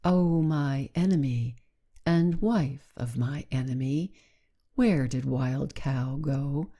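A woman voicing a proud, cunning female wild cat in a slow, deliberate storybook reading. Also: extremely low pitch, mellow, full character voice.

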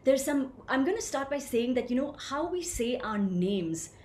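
Animated woman coaching voice in an echoey room. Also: high-pitched, normal speed. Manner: animated, storytelling, reads out participant comments. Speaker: voice coach leading an online workshop. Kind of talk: interactive webinar talk. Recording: echoey room with faint ambient noise.

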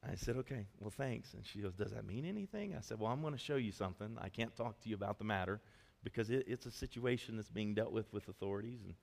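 Lively storytelling pastor in a reverberant hall. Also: male voice, fairly low pitch. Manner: storytelling, animated and conversational, quick asides. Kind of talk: sermon. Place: church hall.

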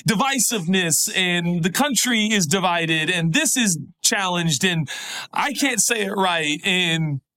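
Animated pastor preaching with sweeping dynamics. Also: male voice, unhurried, smooth. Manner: conversational, swinging from animated highs to hushed low pleas. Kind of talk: sermon.

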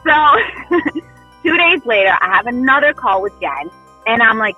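A woman telling a spooky personal story in casual chat, animated and breathless. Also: fairly high pitch, a little slow, long pauses, husky, muffled recording, soft background music. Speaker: storyteller recounting a haunting.

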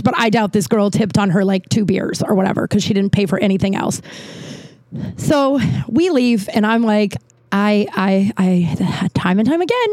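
A woman's voice: on the high side, darkish tone, dry recording. A woman telling a story in a casual, chatty way, full of fillers and swearing, acting out what people said. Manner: chatty, lots of "like", swears, acts out quotes.

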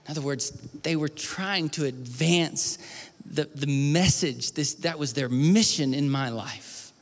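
A man preaching a sermon, telling a personal story and moving from hushed near-whispers to loud pleading. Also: a little high, measured pace. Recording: long hall reverb with faint music.

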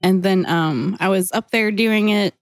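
A woman's voice: medium pitch, measured pace, no echo. Young woman podcast cohost, laughs a lot, rambly, dry close mic. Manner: giggly, rambling with many fillers. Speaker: podcast co-host. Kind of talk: casual podcast chat.

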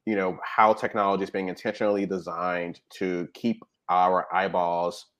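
A man with a deep, low voice talks in a relaxed interview. He explains points step by step and keeps checking in with his listener as he goes. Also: normal speed. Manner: explanatory, frequent "right?" and "you know". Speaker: guest expert on technology habits. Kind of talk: conversational interview talk.

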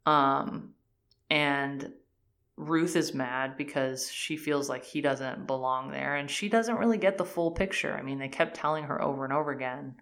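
A woman's voice: extremely low pitch, moderate pace, a bit bright. A woman in casual chat, animatedly retelling a TV series' plot and acting out the characters' lines with many "like"s. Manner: frequent fillers "like" and "um".

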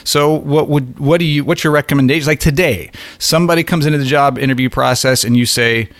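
A man's voice: mid-range voice, a little fast, no echo, studio quality. A man talking through an uncomfortable topic in candid conversation, thinking aloud with frequent restarts and repeated words.

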